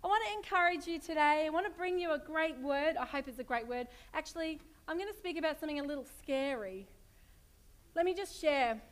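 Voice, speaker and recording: A woman's voice: high voice, fairly quick. A woman preaching a sermon in a chatty storytelling way, often laughing as she tells a family story.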